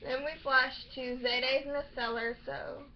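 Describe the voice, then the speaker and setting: A young woman chats her way through a TV recap in a high voice, stopping to act out characters' lines. The recording sounds a little dull and muffled, with a faint hiss underneath. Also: flat delivery, measured pace. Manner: rambling, quoting characters in bursts. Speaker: recap vlogger. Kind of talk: casual TV episode recap. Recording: slightly muffled home recording with faint noise.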